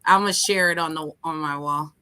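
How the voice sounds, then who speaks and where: A woman's voice: low voice, steady tone, fairly quick, bright, forceful tone, smooth, dry recording. A woman chatting and giggling as a co-host on a casual livestream.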